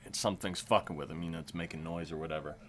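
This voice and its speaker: A man's voice: a bass voice, fairly even intonation, rapid-fire, background noise. A man co-hosting a casual horror podcast, laid-back and swearing freely, sometimes trailing off into mumbles. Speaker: podcast co-host. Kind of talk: casual chat.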